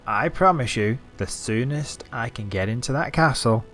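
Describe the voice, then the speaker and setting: Give me a man narrating his own game playthrough in a loose, joking way, often answering the characters on screen. His voice sits in a middle pitch, and faint game music plays underneath. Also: animated, normal speed, a bit bright. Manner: jokey, talks back to the characters. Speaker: let's-play gamer. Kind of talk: casual game commentary.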